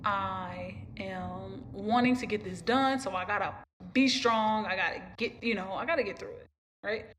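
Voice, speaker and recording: In a casual storytelling monologue, a young podcast host rambles through a lengthy, emotional tale, circling back to the same points. Her mid-range voice is fairly bright, she speaks at a moderate pace, and there's a little hiss or hum in the recording.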